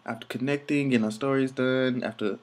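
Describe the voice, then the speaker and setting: A man's voice: medium pitch, steady tone, fairly quick. A young man telling travel stories in a loose, rambling vlog, full of fillers and swearing. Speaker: vlogger. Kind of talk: casual travel vlog narration.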